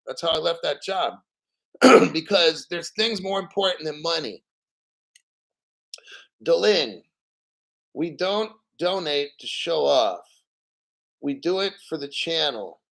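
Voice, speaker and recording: A hoarse man hosting a livestream, talking in a blunt, profane, rambling way and clearing his throat often. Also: a little high, animated, slow pace, long pauses, a bit bright, low-quality recording. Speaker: livestream host. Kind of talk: casual livestream talk.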